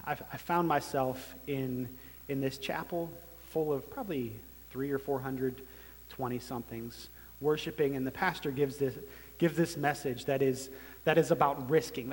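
A man in his thirties giving a personal testimony sermon as a church planter, telling his story earnestly and haltingly. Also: on the high side. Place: large meeting room. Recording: long hall reverb.

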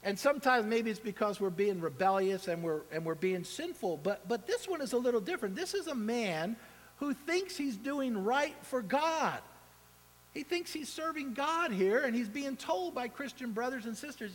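Animated high-voiced male preacher in a hall. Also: moderate pace. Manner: animated, acts out quoted voices. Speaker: pastor. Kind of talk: sermon. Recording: long hall reverb.

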